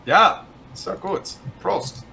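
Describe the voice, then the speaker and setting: A man voicing a German noble merchant in a put-on German accent, formal and halting, slipping in German words. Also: sits high, animated, creaky, pushed and bright, slight background noise, exaggerated voice, rough recording. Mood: tipsy.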